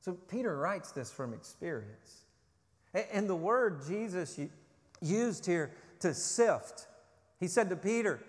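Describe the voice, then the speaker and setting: A man who is a pastor preaching a sermon, urgent and loud on his warnings, then dropping low and quiet when he asks questions. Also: lively intonation, unhurried, big-room sound.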